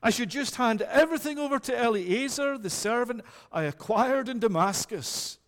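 A man's voice: very high voice, expressive, normal speed, long reverb tail, pitched above the performer's own voice. A man preaching a sermon, voicing Abram as an old man pleading with God.

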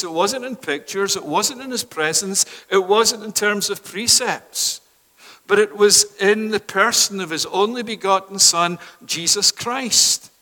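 Man, preacher, sermon, high voice, swings from loud to hushed, reverberant church hall. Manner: swings from loud proclamation to hushed near-whispers. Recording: long reverb of a large hall.

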